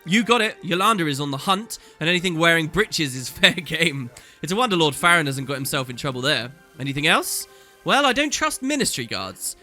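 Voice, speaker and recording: A man's voice: on the high side, very animated, fairly quick, sharp tone, soft background music, exaggerated voice. A man doing a brusque gossiping cook. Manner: brusque and chatty. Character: gruff, busy male cook, gossipy.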